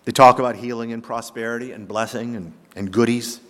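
A male pastor delivers a sermon with emphatic, rhetorical phrasing, rising loud and dropping soft. His voice sits at a middle pitch. The sound carries the long reverb of a large church sanctuary. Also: fairly even intonation, brisk. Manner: emphatic preacher with rhetorical questions and swings in loudness.

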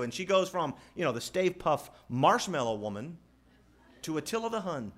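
A man preaching a sermon in an animated way, asking the crowd rhetorical questions and quoting scripture. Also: fairly high pitch, normal speed. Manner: animated, rhetorical questions, mimics family scenes. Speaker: pastor.

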